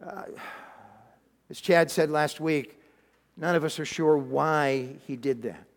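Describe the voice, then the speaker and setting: A man's voice: on the high side, slow pace, creaky, in a large hall. A man preaching a sermon, retelling a Bible story with dramatic emphasis and frequent restarts. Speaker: pastor.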